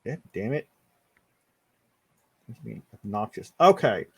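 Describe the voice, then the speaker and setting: A man's voice: lowish voice, sing-song, slow, gravelly, breathy edge, dry recording. A man running a live tabletop game as game master, talking casually with frequent restarts and the odd swear.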